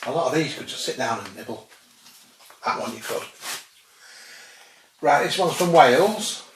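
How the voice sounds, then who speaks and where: A man's voice: mid-range voice, animated, moderate pace. Man chatting from across a roomy space. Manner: chatty, dry humour, musing aloud. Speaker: food vlogger tasting cheeses. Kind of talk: casual tasting commentary. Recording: roomy sound, distant from mic, faint noise.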